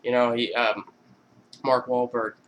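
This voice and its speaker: A young man recapping movie scenes in a loose, rambling vlog, swearing freely. His voice sits at a middling pitch, with faint background hum. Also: little pitch movement, measured pace, fairly bright tone. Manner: rambling, profane, enthusiastic. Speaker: vlogger.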